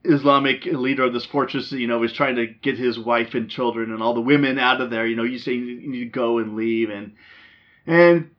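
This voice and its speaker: A man's voice: mid-range voice, fairly even intonation, a little fast. A man hosting a casual movie chat, rambling with lots of ums and restarts. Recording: dull lo-fi sound.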